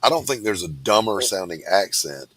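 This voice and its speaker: A man's voice: low-pitched, sing-song, moderate pace, fairly bright tone, breathy edge. A man from Kentucky with a Southern accent, co-hosting a casual chat show and joking with the others. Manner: joking, banters and teases. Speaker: co-host.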